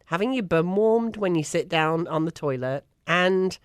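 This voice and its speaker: A woman's voice: fairly low pitch, lively intonation, measured pace, smooth, dry recording, studio quality. A woman with an English accent, co-hosting a casual chat show and talking with emphatic enthusiasm. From England. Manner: chatty and emphatic, with frequent laughs. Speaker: co-host.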